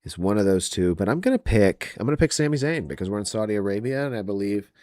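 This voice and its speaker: A man's voice: on the low side, animated, quick pace, darkish tone, dry recording, clean studio sound. A man hosting a wrestling podcast, ranting about match predictions in a profane, exasperated way.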